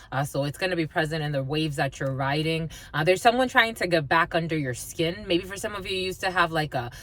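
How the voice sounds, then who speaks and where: A woman's voice: lowish voice, a bit bright. A woman giving a casual tarot reading, chatty and blunt, swearing freely and laughing as she talks. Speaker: tarot reader.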